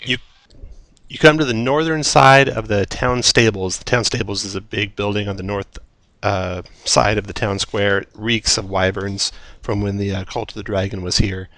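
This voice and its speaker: Low-voiced man narrating a tabletop game. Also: fairly even intonation, normal speed, fairly bright tone, dry recording. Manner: descriptive, with fillers. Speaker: dungeon master.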